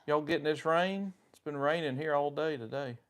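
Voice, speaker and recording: A man's voice: on the high side, normal speed. A man with a Southern US accent co-hosting a paranormal livestream, greeting viewers by name and telling anecdotes in casual chat.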